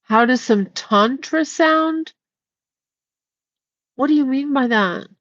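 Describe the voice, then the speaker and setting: A woman's voice: high-pitched, slow pace, fairly bright tone, no echo. A woman hosting a casual livestream, reading chat aloud and scolding a viewer in a blunt way, swearing freely. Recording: slightly dull lo-fi audio.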